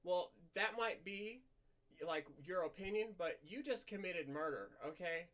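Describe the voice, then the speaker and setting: A woman venting in a candid personal vlog monologue, in a softened, practiced feminine voice that is slightly nasal, blunt and rambling with fillers. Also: on the low side, unhurried. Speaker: vlogger.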